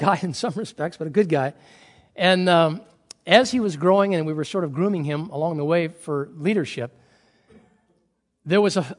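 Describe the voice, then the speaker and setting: A middle-aged man preaching a sermon as pastor, telling stories animatedly and acting out the dialogue, swinging between loud and quiet. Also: a little high, long reverb tail.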